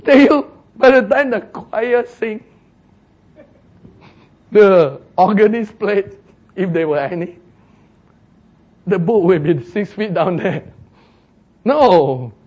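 A man preaching a sermon as pastor, telling the story in an animated way, acting out the quoted voices and chuckling at his own jokes. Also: high-pitched, slow, pauses often.

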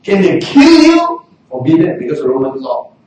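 High, animated preacher in an echoey hall. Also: male voice, normal speed, very noisy. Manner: animated, bursts into shouting for emphasis. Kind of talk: sermon. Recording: very echoey hall, mic far off.

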